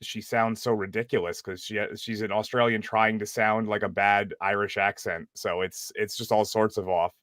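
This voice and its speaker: Lower-voiced chatty man. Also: fairly even intonation, moderate pace, few pauses, fairly bright tone, no room sound, studio quality. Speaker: panel guest. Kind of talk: casual panel chat.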